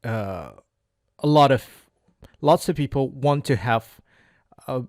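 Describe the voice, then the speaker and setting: A man's voice: mid-range voice, expressive, takes it slowly, darkish tone, no echo. Man, Indonesian native speaker, practicing English, hesitant, many restarts and fillers, dry close sound. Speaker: English learner. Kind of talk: casual speaking-practice monologue.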